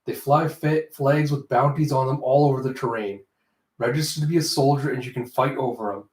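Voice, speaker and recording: A man voicing a stern, blunt female bodyguard in a comic readthrough, speaking flatly and matter-of-factly. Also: mid-range voice, fairly quick, close to an everyday voice. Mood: explaining. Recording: roomy echo.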